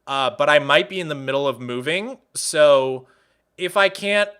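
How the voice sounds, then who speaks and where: A man's voice: on the high side, animated, a little slow, sharp tone, clear, resonant tone. A young man chatting casually with his live-stream audience, rambling and often restarting his sentences. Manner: rambling, with frequent restarts and laughs.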